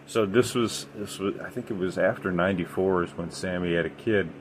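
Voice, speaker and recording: Man, podcast host, fairly low voice, rambling casual storytelling, slight background hum. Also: a little fast. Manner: rambling, emphatic, many fillers. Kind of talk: casual storytelling about the paranormal.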